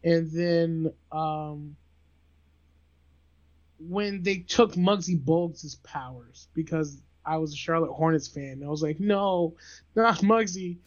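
Guy, high-pitched, excitable podcast guest; slightly dull audio. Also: slow pace, dry recording. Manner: laughs often, animated. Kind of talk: casual podcast chat.

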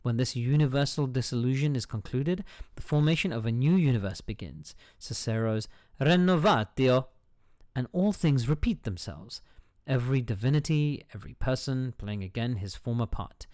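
Man, podcast host, reads a book aloud, trips over words, curses at himself, joking asides, mid-pitched voice, dry close sound. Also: expressive, moderate pace, darkish tone, no echo. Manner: stumbles over hard words and swears at himself. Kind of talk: casual solo podcast, reading a book aloud.

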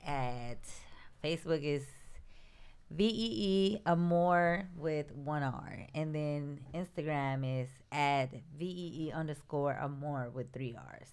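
A woman's voice: low voice, slow pace, darkish tone, clean tone. A woman guest in casual chat, playful and teasing.

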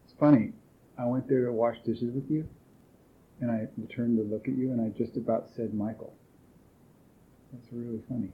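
A man leading a training workshop, calmly asking participants probing questions. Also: medium pitch, normal speed, long pauses. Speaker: workshop leader. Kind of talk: facilitating a group process. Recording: thin phone-like workshop recording.

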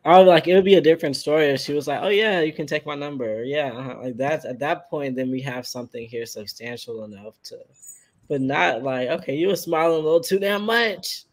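A man's voice: fairly high pitch, a little fast. A man on a podcast panel, easygoing and reasonable, with the odd dry joke. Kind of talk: casual panel chat.

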